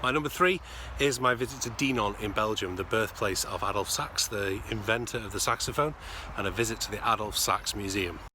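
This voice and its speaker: A man's voice: lowish voice, a little fast. Chatty man outdoors. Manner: chatty, jokey. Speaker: vlogger and saxophonist. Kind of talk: casual vlog storytelling. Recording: outdoor street and traffic noise.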